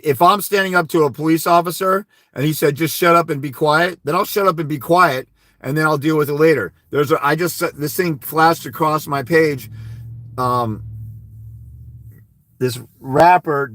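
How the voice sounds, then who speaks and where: A man's voice: fairly high pitch, fairly bright tone, dry recording, clean studio sound. Blunt, profane man on a livestream. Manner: blunt, profane, tells anecdotes with quoted dialogue. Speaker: host of a fathers' rights livestream. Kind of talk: casual livestream advice.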